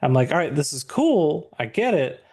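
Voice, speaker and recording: A man's voice: a little high, very animated, moderate pace, a little mellow, slightly rough. A man hosting a podcast, asking rambling questions full of fillers in a casual chat. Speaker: podcast host.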